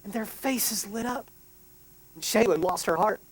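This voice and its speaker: A middle-aged man preaching a sermon, an emotional storyteller who restarts sentences and adds quick asides. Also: high voice, breathy edge. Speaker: pastor.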